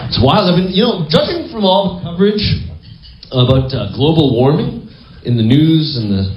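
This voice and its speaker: A man's voice: on the high side, expressive, normal speed, slight background noise. A male stand-up comedian delivering mock-tough, sarcastic jokes. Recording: roomy, dull live recording.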